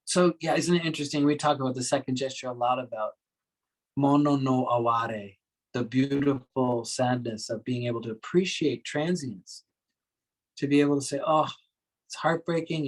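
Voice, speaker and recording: Male meditation teacher giving a dharma talk; soft, reflective, unhurried warmth of tone, mid-pitched. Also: poor audio. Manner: gentle and reflective, with soft laughs. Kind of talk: dharma talk to a workshop group.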